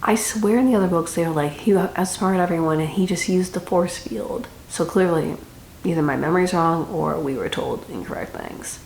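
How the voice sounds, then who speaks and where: A woman's voice: fairly low pitch, normal speed, darkish tone. A young woman giving a casual, chatty book review with dramatic reactions and rambling asides. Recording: echoey room with faint noise.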